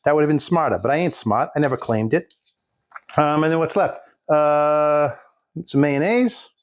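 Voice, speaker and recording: A man's voice: on the high side, moderate pace. A man casually showing a recipe in his home kitchen, rambling with folksy jokes and asides. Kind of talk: casual cooking demonstration.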